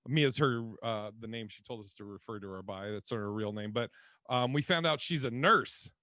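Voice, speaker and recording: A man's voice: medium pitch, normal speed, pushed and bright, no echo. A man co-hosting a podcast in casual chat, rambling and laughing, swearing freely. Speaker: podcast co-host.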